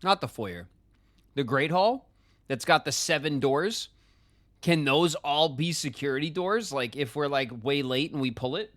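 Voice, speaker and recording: A man's voice: fairly high pitch, lively intonation, measured pace, fairly bright tone. An American man chatting casually on a live game stream, rambling with plenty of filler words. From United States. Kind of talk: casual live-stream chat while gaming.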